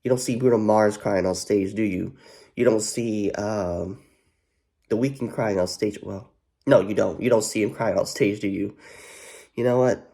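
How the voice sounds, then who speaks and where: Gravelly low-voiced man rambling. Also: unhurried, dark tone. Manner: rambling, heavy filler "you know what", profane, repeats himself. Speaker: vlogger. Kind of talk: casual rambling commentary.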